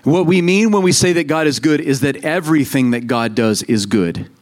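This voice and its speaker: Conversational male preacher, slightly high voice. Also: a little fast. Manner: conversational, animated storytelling with quoted voices. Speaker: pastor. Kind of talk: sermon.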